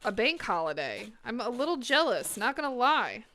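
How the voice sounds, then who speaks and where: Cooking in her home kitchen on a live stream, a woman chats energetically with her viewers and swears freely as she goes. Her voice sits on the high side at a normal speed, with a little hiss or hum in the recording.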